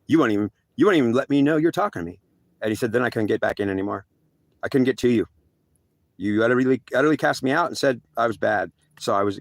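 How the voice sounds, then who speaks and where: A man telling a first-person story in a rambling, halting way, full of restarts and acted-out exchanges. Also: medium pitch, creaky, no room sound. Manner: halting, repetitive, many restarts; acts out other people's voices in quick back-and-forth.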